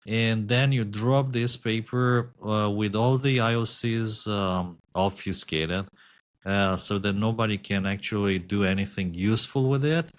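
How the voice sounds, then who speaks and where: Low-voiced man. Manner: measured, many filler ums. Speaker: podcast co-host. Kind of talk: casual chat.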